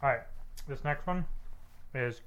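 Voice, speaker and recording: A man with a mid-range voice talks in a relaxed, matter-of-fact way on a podcast. He leads the tasting in a casual chat. His tone stays easy and unhurried. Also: medium pitch, highs cut off. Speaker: podcast co-host.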